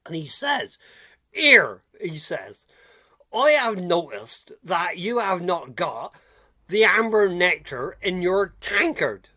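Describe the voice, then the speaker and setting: A man's voice: high voice, sing-song, moderate pace, a bit bright, heavily acted. A man playing a chatty, giggly old countryman with rheumatism, rambling folksy gossip and repeating himself in a comic character video. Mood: gossipy.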